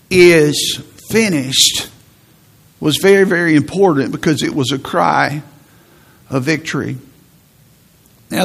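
A man's voice: a little high, vocal fry, fairly bright tone. A male pastor preaching a sermon, emphatic, repeating phrases and restarting as he builds a point.

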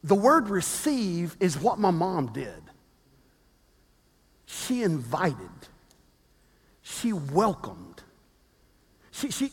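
A pastor in his fifties preaching a sermon with animated storytelling, acting out the quotes he tells. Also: high-pitched, breathy edge, in a large hall.

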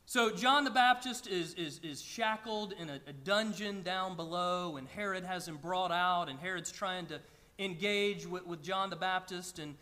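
A man preaches from the pulpit in a high, ringing voice. He sounds earnest and often stumbles over repeated words as he works toward his point. His voice echoes with the long reverb of a large church hall. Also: normal speed, bright, forceful tone. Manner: earnest, with frequent stammered restarts. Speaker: pastor. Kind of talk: sermon. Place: church sanctuary with a congregation.

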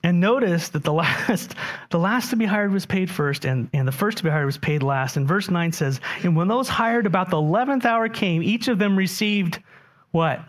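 Man, pastor, sermon, animated, questions to the congregation, slightly high voice. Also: moderate pace.

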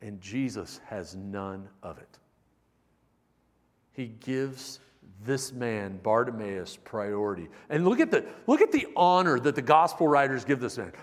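A man preaching a sermon as a pastor, animated, shifting between loud emphatic bursts and soft, intimate passages. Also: mid-range voice, measured pace, long reverb tail.

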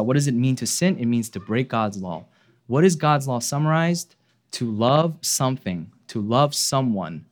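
A man preaching a sermon as pastor, earnest, posing rhetorical questions and dropping his voice low to land key points.

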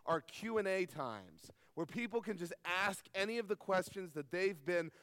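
A man's voice: high-pitched, lively intonation, moderate pace, a bit bright, big-room sound, slight background noise. A man preaching a sermon to a live audience, telling a personal story earnestly and asking the listeners questions. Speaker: pastor. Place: camp meeting hall.

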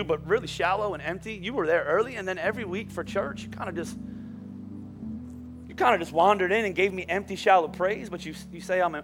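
High-voiced man preaching a lively sermon. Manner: animated, shifting from quiet storytelling to shouting. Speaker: pastor. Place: church sanctuary.

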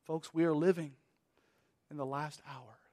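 A man preaching a sermon as pastor, emphatic, swinging from loud declarations to hushed lines. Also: on the high side, steady tone, measured pace, no room sound, clean studio sound.

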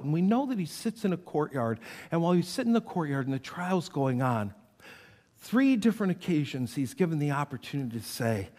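Dramatic pastor preaching in a reverberant hall. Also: male voice, a little high, very animated, normal speed. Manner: dramatic storytelling, acting out quoted voices, swings from loud to hushed. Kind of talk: sermon.

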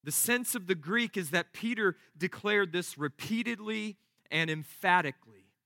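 A man's voice: high-pitched, normal speed, bright, forceful tone, dry recording, clean studio sound. A man preaching a sermon, emphatic and exhorting, with repeated driving phrases. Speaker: pastor.

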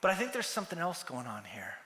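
High, bright-voiced preacher. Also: male voice, wildly swooping pitch, fast. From United States. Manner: storytelling, acting out the characters' lines. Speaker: pastor. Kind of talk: sermon. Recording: echoey hall with long reverb.

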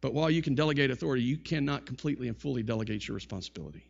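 A man's voice: medium pitch, expressive, racing, gravelly, muffled recording. A male pastor preaching a sermon emphatically, asking many rhetorical questions and often repeating words.

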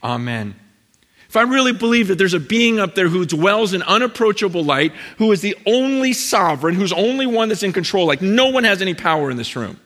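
A male preacher with a fairly high voice tells a story with energy, slipping into other people's voices as he quotes them. He talks in loose bursts full of fillers. The sound carries the long reverb of a big hall. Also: brisk, few pauses. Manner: animated storytelling, acts out quotes, many fillers. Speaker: pastor. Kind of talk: sermon.

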